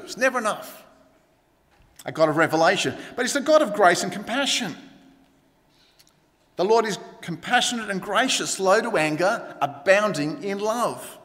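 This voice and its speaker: High-voiced pastor in a reverberant church. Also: male voice, a bit bright. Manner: conversational preaching with asides to the congregation. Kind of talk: sermon. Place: church hall.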